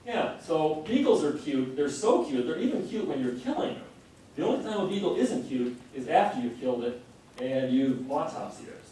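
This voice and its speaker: A man's voice: on the high side, very animated, moderate pace, dark tone, a little hiss or hum. A middle-aged man giving an earnest, impassioned public lecture. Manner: earnest, impassioned, varying pace. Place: lecture hall. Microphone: distant room mic. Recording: very echoey hall recording from a distance.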